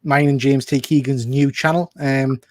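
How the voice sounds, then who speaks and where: A man's voice: mid-range voice, steady tone, moderate pace. A man with a Geordie accent chatting easily on a comics show, laughing often. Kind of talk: casual live-stream chat.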